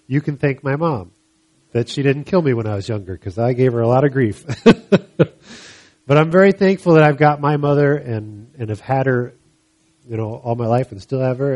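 Relaxed man addressing a congregation. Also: mid-range voice. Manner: relaxed, halting, joking. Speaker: church speaker. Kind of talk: casual talk to a congregation.

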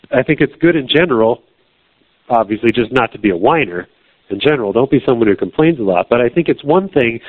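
A man preaching a sermon in a plain, conversational way, putting blunt questions to his listeners. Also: lowish voice. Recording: tinny phone-like sound.

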